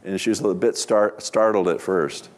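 A man's voice: sits low, fairly even intonation, a little fast. A middle-aged man, a pastor, preaching a sermon with humorous personal stories in a chatty, conversational way.

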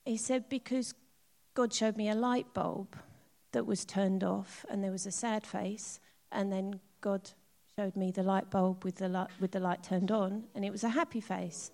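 A middle-aged woman giving a personal testimony in church, soft and earnest, often trailing off quietly. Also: mid-range voice, normal speed.

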